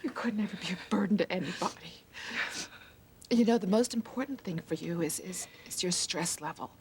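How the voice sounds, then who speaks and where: An actress playing a caring doctor who speaks softly, often near a whisper. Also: female voice, lowish voice, moderate pace, slight background noise, natural voice. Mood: reassuring. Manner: soft, reassuring, often hushed.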